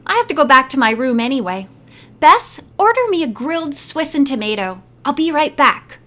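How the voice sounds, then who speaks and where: A woman voicing a calm young sleuth. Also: high-pitched, brisk. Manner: steady, sympathetic.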